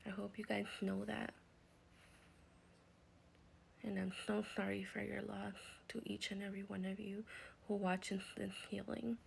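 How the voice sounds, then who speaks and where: A woman in a whispered guided healing session, speaking in a soft, soothing whisper with gentle reassurance. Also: medium pitch, flat delivery, moderate pace, gravelly, a little hiss or hum, poor audio. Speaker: reiki healer.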